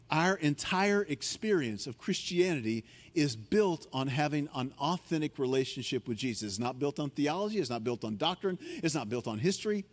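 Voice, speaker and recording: A man preaching a sermon as a guest speaker, telling the story with animation, acting out panicked voices in a higher tone and dropping low and quiet for key points. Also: lively intonation, brisk, big-room sound.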